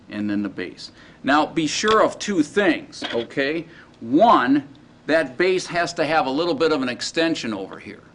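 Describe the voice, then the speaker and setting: A man lectures a classroom in an easygoing, stop-and-start way, often pausing to ask whether his students follow. His voice sits at an ordinary middle pitch, with faint noise in the room behind him. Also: fairly bright tone. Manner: informal, halting, checks in with the class often. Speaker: teacher.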